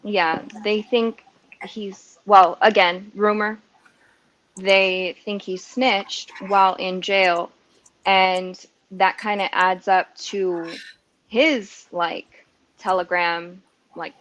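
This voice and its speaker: A woman on a casual true-crime panel, speaking in a measured way. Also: medium pitch, flat delivery, a bit bright, highs cut off.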